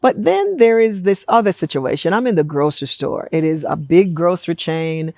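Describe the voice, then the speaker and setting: A middle-aged woman from Jamaica with an American accent, telling stories in a chatty, animated vlog and acting out quotes. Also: lowish voice, normal speed, no room sound. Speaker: vlogger and apostle. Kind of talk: casual storytelling vlog.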